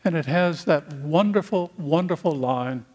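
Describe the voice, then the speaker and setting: A man from the United States preaching a sermon, speaking in slow, deliberate phrases with long pauses. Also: on the high side, a little mellow.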